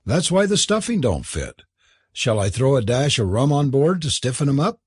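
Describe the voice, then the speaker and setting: A flustered cook in disguise, anxious and servile, pleading in a raised, husky voice, as a man reads the part. The delivery is dry and close, with plenty of swing in the pitch. A storybook figure played for comedy. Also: big pitch swings, moderate pace, darkish tone, no echo. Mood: fretful.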